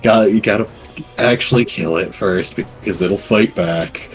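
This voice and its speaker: A man narrating as game master of a tabletop game, casual and halting, with many fillers. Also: lowish voice, soft background music.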